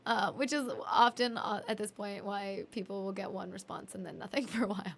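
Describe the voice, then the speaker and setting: A woman's voice: medium pitch, steady tone, fairly quick, vocal fry, a bit bright, slight background noise. Giggly, sleepy woman chatting on stream. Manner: chatty, giggly, reads chat aloud. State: sleepy, yawning. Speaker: music streamer. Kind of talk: casual live-stream chat between songs.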